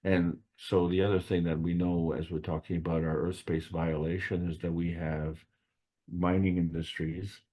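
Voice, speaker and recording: Guy with a deep mellow voice rambling through a spiritual talk, lots of rhetorical questions. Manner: meandering, repeats phrases, rhetorical questions. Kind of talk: unscripted spiritual lecture.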